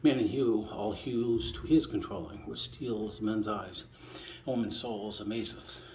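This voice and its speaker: Low-voiced man reciting sonnets casually. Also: a little slow, a little mellow, slight background noise. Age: older. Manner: recites verse, then chats in a low, offhand voice. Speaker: vlogger reciting sonnets while lifting. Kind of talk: casual recitation between lifts.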